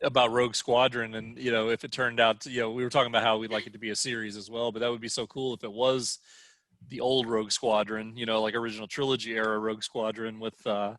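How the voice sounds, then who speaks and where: A man's voice: lowish voice, flat delivery, fast talker, fairly bright tone, no echo. A man co-hosting a fan podcast in casual chat, enthusiastic and upbeat, laughing often. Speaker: podcast co-host.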